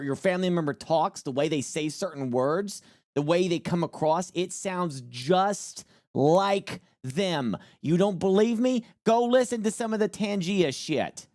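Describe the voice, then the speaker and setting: A man's voice: on the high side, darkish tone, dry recording, clean studio sound. A man live-streaming casual commentary, rambling and joking with plenty of swearing. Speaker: streamer reacting to a news clip.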